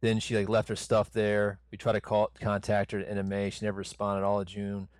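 A man with a fairly low voice co-hosting a casual podcast, telling his story in a relaxed, rambling way. The sound is dry and close to the mic. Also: fairly quick, smooth, no echo. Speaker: podcast co-host.

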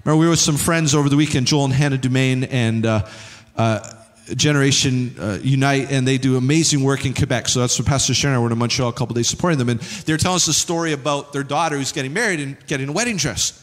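A man's voice: mid-range voice, fast. A male pastor preaching a sermon, emphatic and repetitive, acting out little dialogues to make his points. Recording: reverberant hall.

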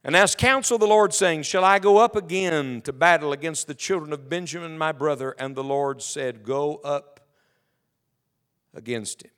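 A man's voice: a little high, a little fast, hardly any pauses, fairly bright tone, smooth. A male pastor preaching a sermon to his congregation, reading scripture aloud and asking the room emphatic questions. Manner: reads scripture aloud in King James wording. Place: church sanctuary with congregation.

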